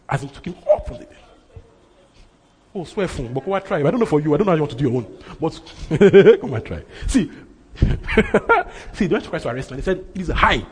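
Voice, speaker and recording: A man's voice: a little high, darkish tone, husky. A man preaching a sermon, emphatic and repeating his phrases for effect. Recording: reverberant hall.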